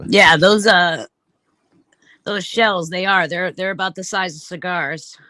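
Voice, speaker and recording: A woman's voice: lowish voice, steady tone, a little slow, pushed and bright, no room sound. A woman joining a casual live-stream chat as a guest, chatty and apologetic.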